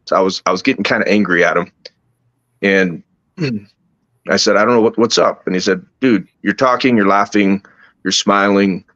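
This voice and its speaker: A man telling a personal story at a slow, halting pace, with many restarts. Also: low voice, fairly bright tone, no room sound, muffled recording. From United States. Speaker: podcast guest. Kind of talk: casual storytelling.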